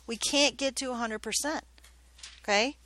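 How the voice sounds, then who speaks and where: A woman's voice: fairly high pitch, moderate pace, pushed and bright. A woman math teacher giving a classroom lesson, chatty and joking, often checking in with questions.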